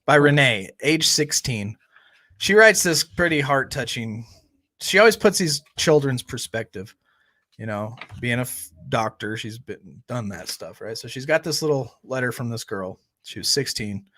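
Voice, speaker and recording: A man's voice: medium pitch, animated, moderate pace, pushed and bright. A man co-hosting a family recovery channel, chatting casually and often tagging his points with a questioning "right?". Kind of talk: casual chat.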